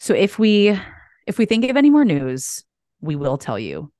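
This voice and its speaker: A woman co-hosting a casual chat over a video call, gushing and bubbly and quick to laugh. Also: mid-range voice, wildly swooping pitch, warm tone, no room sound, clean studio sound. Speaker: co-host.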